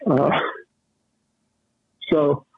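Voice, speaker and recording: A man's voice: on the high side, extremely slow, gravelly, breathy edge. A male caller on a radio show, talking in a weary, resigned way over the phone. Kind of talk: phone-in chat. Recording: tinny phone line.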